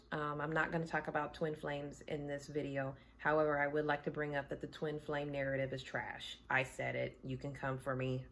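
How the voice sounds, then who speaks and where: A woman with a notably low voice talks casually from her home. She gives her views as a tarot reader in a blunt, candid, conversational way. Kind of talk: casual chat.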